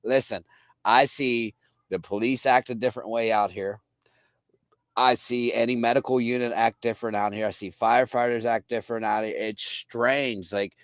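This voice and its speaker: A man's voice: mid-range voice, no echo, clean studio sound. A man from the US East Coast co-hosting a casual chat, making emphatic points and asking pointed questions. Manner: emphatic, questioning, laughs easily. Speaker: podcast co-host.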